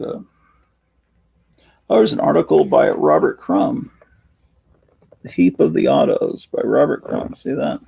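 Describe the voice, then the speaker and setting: Hoarse man in his fifties, rambling livestream host, very gravelly, dark and husky tone. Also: mid-range voice. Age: 50s. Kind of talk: casual late-night livestream chat. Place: home at night.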